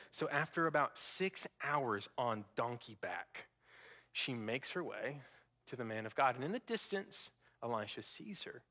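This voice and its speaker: Male guest preacher, bright and animated, church sermon. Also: fairly high pitch. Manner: animated, acts out characters' lines with sudden drops to hushed tones. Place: church sanctuary.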